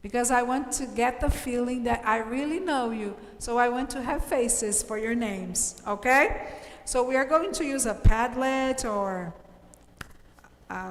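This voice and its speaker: Woman, English teacher, unhurried, higher voice, roomy reverberant sound. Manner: patient, explanatory, checks understanding with frequent "okay?". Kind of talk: online class explanation.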